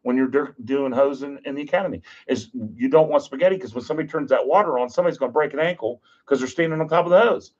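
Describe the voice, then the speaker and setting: A man, a podcast guest, telling stories in a casual, animated, joking way and acting out what people said. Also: medium pitch, rapid-fire, few pauses. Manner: animated, jokey, acts out quotes. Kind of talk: casual storytelling. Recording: dull lo-fi podcast audio.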